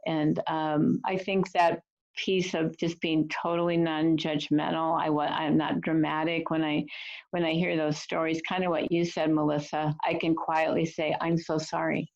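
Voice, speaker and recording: Woman storyteller, fairly low, gravelly tone, earnest and gentle, muffled video call audio. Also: flat delivery, normal speed. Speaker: storyteller and teacher of refugee youth. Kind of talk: reflective storytelling talk.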